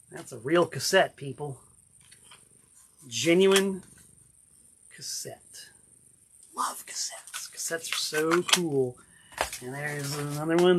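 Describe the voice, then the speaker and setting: This is a man hosting a relaxed unboxing vlog, his voice sitting a little higher than most men's. He talks in a chatty, enthusiastic way and drifts into rambling asides. He is from Florida and records at home in his cabin. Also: a little hiss or hum. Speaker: vlog host.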